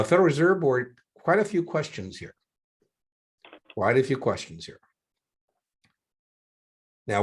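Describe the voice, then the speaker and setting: Older male tutor, low husky voice, chatty storyteller, video call sound. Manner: chatty, jokey asides. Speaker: exam prep tutor. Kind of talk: one-on-one tutoring session.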